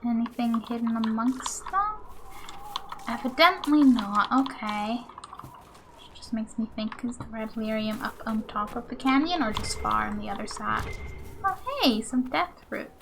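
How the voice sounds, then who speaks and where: Playful higher-voiced woman streaming a game. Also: lively intonation, a little slow, noisy background. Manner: chatty, playful, jokey asides to the game. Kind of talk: casual gameplay commentary.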